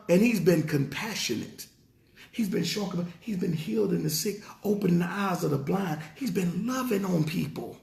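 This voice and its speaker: A pastor preaching with an emphatic, repetitive cadence, his pitch rising and falling dramatically. His voice is high for a man, with a gravelly rasp. The sound bounces around an echoey room. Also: a bit bright. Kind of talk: sermon. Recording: roomy echo.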